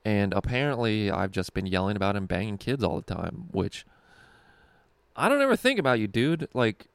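With a fairly low, gravelly but smooth voice and a sing-song lilt, a young comedian and show co-host spins a rambling, profane story at a moderate pace, leaning on "like" and laughing often. No room sound can be heard.

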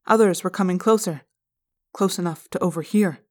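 A woman narrating a fan read-aloud chapter in an expressive style, recorded in a hotel room. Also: lowish voice, normal speed.

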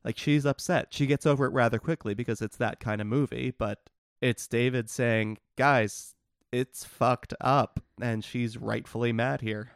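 A man's voice: medium pitch, fairly even intonation, normal speed, gravelly, clear, resonant tone, no room sound, clean studio sound. A man co-hosting a podcast, casually and wryly explaining the plots of obscure films. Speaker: podcast co-host. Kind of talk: casual movie discussion.

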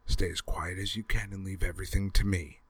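A tough, protective soldier, voiced by a man reading aloud, talking in a deep, low voice. He is firm and reassuring. The recording is dry and close, like an audiobook. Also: level tone, brisk, fairly bright tone, slightly rough, no room sound. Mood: hushed. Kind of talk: audiobook character voice.

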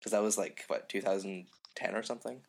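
A man's voice: low voice, fairly even intonation, fast, creaky, slight background noise. A man co-hosting a podcast in casual chat, with a phlegmy voice, dry joking asides and hesitant restarts. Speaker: podcast co-host. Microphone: remote call.

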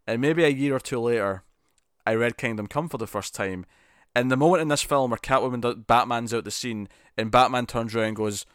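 A man casually discussing a film with a friend, animated and rambling, often restarting his sentences. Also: medium pitch, brisk, clean tone, no echo, clean studio sound. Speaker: podcast co-host.

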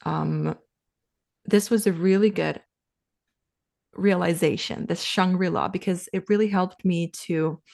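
A woman from Finland in her thirties speaks as a podcast interview guest. Her voice sits a little low. She talks in a reflective, unhurried way and becomes animated whenever she acts out her own past words. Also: vocal fry. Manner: reflective, animated when quoting herself. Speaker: podcast guest, sales coach. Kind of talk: casual interview talk.

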